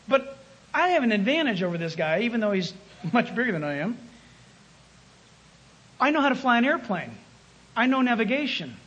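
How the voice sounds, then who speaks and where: A man preaching a sermon, emphatic, swinging between loud calls and hushed asides. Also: high-pitched, big pitch swings, a little fast, long pauses, husky.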